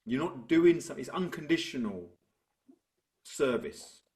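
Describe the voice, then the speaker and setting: A man, a business coach talking through ideas and telling stories in a relaxed interview. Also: medium pitch, unhurried. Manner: reflective, tells stories to make a point. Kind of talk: conversational interview.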